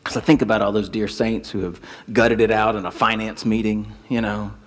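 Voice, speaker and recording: A man's voice: lowish voice, fairly quick, big-room sound. A man preaching a sermon, telling stories and acting out quotes. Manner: animated storytelling with acted quotes. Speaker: pastor.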